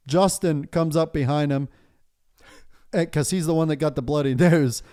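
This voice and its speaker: A Pennsylvania podcast host with a clear, resonant, somewhat high but darkish voice tells a story in relaxed conversation. He swears often and laughs his way through it.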